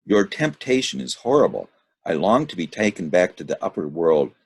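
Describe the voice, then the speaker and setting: A man's voice: sits low, very animated, normal speed, gravelly, a little mellow, slightly rough, voice pushed up, exaggerated voice. A man reading the lines of a frightened male traveler in the underworld, in an anxious, questioning manner.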